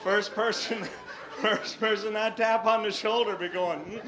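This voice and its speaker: A man from Tennessee doing stand-up, telling a long story in an animated, exaggerated way. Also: sits high, a little slow, crowd noise, noisy background. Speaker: stand-up comedian. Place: stage before a live audience. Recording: live stage with audience laughter.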